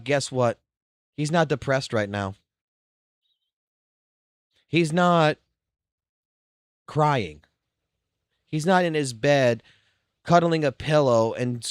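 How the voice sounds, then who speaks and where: A man's voice: on the high side, fairly bright tone, clean tone, dry recording, clean studio sound. A man streaming live, ranting with constant swearing in a heated, blunt way. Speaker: livestreamer.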